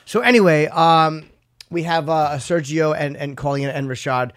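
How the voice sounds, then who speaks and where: A man co-hosting a podcast, chatting casually with quick, joking banter. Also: on the high side, fairly bright tone, no echo, studio quality. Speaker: podcast co-host. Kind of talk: casual chat.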